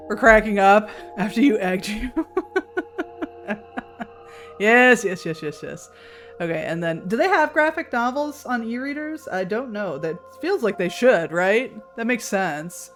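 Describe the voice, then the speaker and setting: A woman's voice: medium pitch, animated, moderate pace, fairly bright tone. Chatty woman streamer over faint music. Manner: chatty, laughs often, reads chat aloud. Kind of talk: casual chat with viewers. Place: home room.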